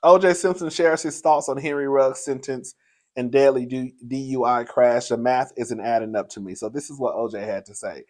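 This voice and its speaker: A man's voice: mid-range voice, normal speed, darkish tone. A man hosting casual gossip commentary, chatty and sassy, laughing often and calling the audience girl. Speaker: host.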